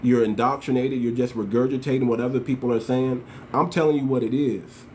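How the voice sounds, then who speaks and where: A man's voice: medium pitch, fairly even intonation, brisk, background noise. A man from the United States hosting his channel with impassioned political commentary, slangy and emphatic, repeating his points as he talks straight to his viewers. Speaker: channel host.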